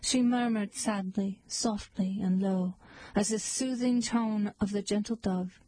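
A woman reading poems aloud in a slow, measured, lilting recitation. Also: medium pitch, fairly even intonation, mellow, husky, dry recording, low-quality recording. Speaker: poetry reader.

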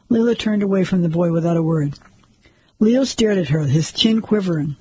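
Male audiobook narrator, husky and dark-toned, dry close sound. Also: sits high, normal speed, no echo, poor audio.

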